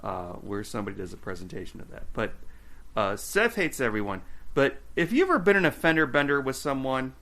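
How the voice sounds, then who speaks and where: Animated ranting male podcast co-host. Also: mid-range voice, fairly quick. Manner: ranting, animated, swears, acts out quotes. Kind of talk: casual chat recapping a TV episode.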